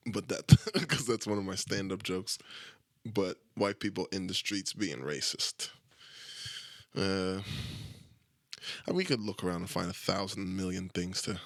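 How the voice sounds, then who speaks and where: Young man, low voice, dry close sound, crude rambling podcast talk. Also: no room sound. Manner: crude, self-deprecating and rambling, with frequent swearing. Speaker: podcast host. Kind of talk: casual solo podcast monologue.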